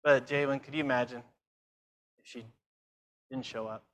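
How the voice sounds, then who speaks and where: A man preaching a conference sermon, lively and self-mocking, firing questions at the audience. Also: medium pitch, moderate pace. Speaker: conference speaker.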